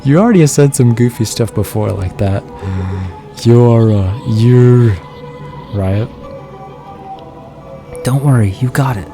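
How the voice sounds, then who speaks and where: Music plays under this casual live stream, where a weary man plays a horror game late at night and speaks quietly, rambling and self-deprecating with his chat. He talks slowly in a medium pitch, pausing often.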